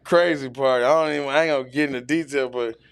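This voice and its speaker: A man's voice: mid-range voice, fairly even intonation, racing, smooth, no room sound. A man telling a long, profane, rambling story as a podcast guest, full of fillers. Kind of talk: casual storytelling. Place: podcast studio.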